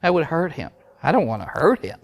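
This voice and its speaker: A man's voice: on the high side, big pitch swings, brisk, creaky, exaggerated voice. A man doing a breezy doctor who won't operate. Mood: casually dismissive. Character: calm male doctor refusing to operate.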